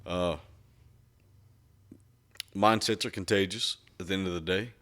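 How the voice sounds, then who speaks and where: Joking low-voiced man bantering. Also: fairly even intonation, unhurried, a bit bright. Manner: joking, crude, upbeat banter. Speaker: podcast co-host. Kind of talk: casual chat.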